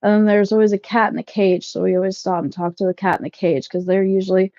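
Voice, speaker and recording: A woman in her thirties chatting casually with live viewers while packing up, loud and laughing, swearing freely. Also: medium pitch, fairly even intonation, fast, hardly any pauses, no room sound, highs cut off. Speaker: livestream vlogger. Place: shed, packing up.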